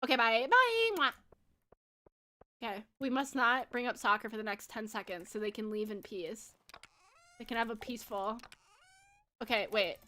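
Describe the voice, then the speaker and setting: Brief: giggly American female streamer, young adult, high and bright, casual chat with viewers. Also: animated, normal speed, long pauses. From United States. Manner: bubbly and giggly, chatting with viewers. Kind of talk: casual live-stream chat while gaming.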